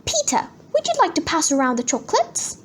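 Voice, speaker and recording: Strict storybook mother, read by a woman: scolding, bright and high. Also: huge pitch swings, brisk, slight background noise, exaggerated voice. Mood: stern.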